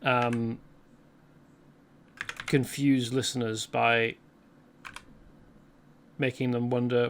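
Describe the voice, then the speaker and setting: A man's voice: mid-range voice, steady tone, unhurried, long pauses, slight background noise. A man hosting a let's play, rambling chattily through gameplay commentary and correcting himself as he goes.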